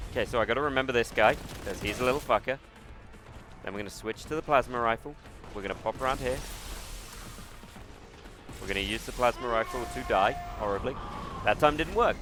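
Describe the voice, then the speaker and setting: Male streamer, mid-pitched, chatty and self-deprecating with loose swearing, faint game music behind him. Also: lively intonation, brisk, long pauses. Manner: self-mocking, swears freely, talks himself through the game. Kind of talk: live gameplay commentary.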